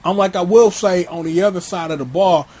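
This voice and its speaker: Husky-voiced man ranting casually. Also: sits high, a little fast. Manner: blunt, slangy, animated ranting. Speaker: wrestling commentator vlogger. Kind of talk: casual opinion rant.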